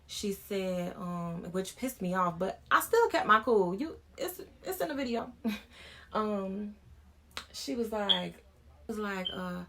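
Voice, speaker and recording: A woman's voice: medium pitch, lively intonation, slow, a bit bright, slight background noise. A woman in her thirties, a vlogger, telling a personal story in a frank, informal way as she talks things through.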